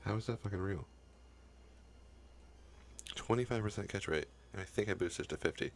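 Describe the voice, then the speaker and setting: A young man commentates his own game run with a deep, low voice. A gravelly fry runs through his speech as he curses the game in frustration. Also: normal speed, a little hiss or hum. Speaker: gaming YouTuber. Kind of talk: profane Let's Play commentary.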